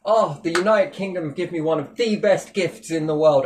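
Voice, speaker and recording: A man's voice: fairly high pitch, normal speed, hardly any pauses, a little mellow. Sarcastic, sweary man ranting. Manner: mocking, sweary, with big sarcastic swings in tone. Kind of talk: sarcastic monologue rant.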